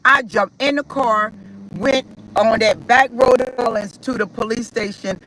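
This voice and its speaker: A woman's voice: a little high, unhurried, a little hiss or hum, rough recording. A woman telling a personal story, acting out other people's voices and laughing as she goes. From South Carolina, US. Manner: animated, acts out quoted voices, laughs while telling. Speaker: testimony speaker. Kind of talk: storytelling testimony.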